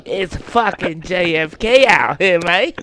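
Swearing gamer man over loud game noise. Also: sits high, lively intonation, takes it slowly. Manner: crude, joking, swears constantly. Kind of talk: profane multiplayer banter.

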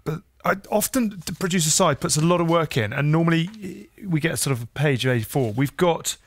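A man hosts an interview podcast, steering the chat with questions. His voice sits a little above average pitch. The sound is close and dry. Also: lively intonation, brisk, no room sound. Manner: leads with questions. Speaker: podcast host.

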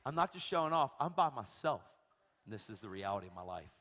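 Animated preacher in a reverberant church. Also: male voice, lowish voice, fast. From Pennsylvania. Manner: animated, swings between loud bursts and hushed asides. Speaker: guest preacher. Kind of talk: storytelling sermon. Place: church sanctuary.

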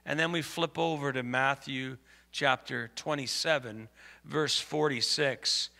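A man's voice: medium pitch, slow pace, bright, forceful tone, in a large hall. A man preaching a sermon as pastor, conversational and asking the congregation for amens. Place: church.

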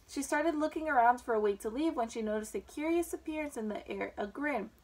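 A woman with a fairly high voice reads a children's storybook aloud. Her reading is relaxed and informal, with the odd um as she points out the pictures. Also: fairly quick, rough recording. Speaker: reader.

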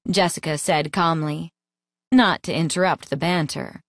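Lady reading a romance audiobook, expressive, dead dry close mic. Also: low-pitched, measured pace, no echo. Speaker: audiobook narrator. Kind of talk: scripted narration.

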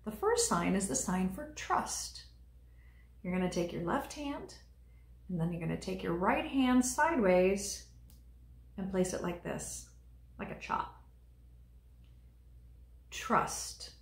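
A woman leading a children's liturgy, teaching young kids in a gentle, encouraging way and speaking right to them. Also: medium pitch, sing-song, a little slow, gravelly, long pauses, roomy sound.

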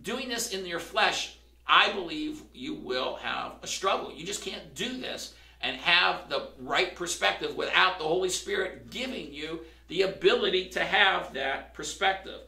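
A man's voice: sits high, animated, unhurried, creaky, pushed and bright, recorded from a distance. A male pastor preaching a sermon in a conversational way that builds to emphatic questions. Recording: roomy, from across the room.

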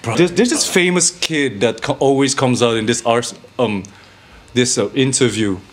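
A man in casual chat, telling lively stories and mimicking people he knew. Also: medium pitch, moderate pace. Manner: animated storyteller, imitates people.

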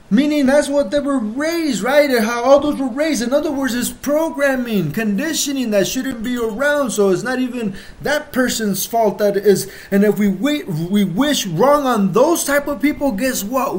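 High voice, worked-up host ranting at viewers, swearing a lot, gets loud then slows right down to hammer points. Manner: heated, profane, swings between loud outbursts and slow emphatic stresses. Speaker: channel host. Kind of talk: emotional monologue to viewers.

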